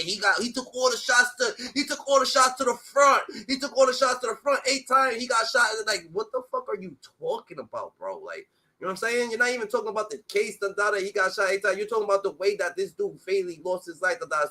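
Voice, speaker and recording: Man, high voice, very bright tone, profane rant, repeats "da da da" filler, AAVE speech. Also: lively intonation, fast talker. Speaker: streamer reacting to a clip. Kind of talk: heated reaction commentary.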